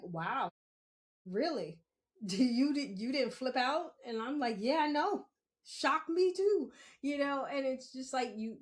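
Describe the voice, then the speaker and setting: A young woman from Queens, hosting a spiritual podcast in a chatty, blunt monologue, laughing often and swearing freely. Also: on the high side. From Queens, New York. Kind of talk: casual solo podcast monologue.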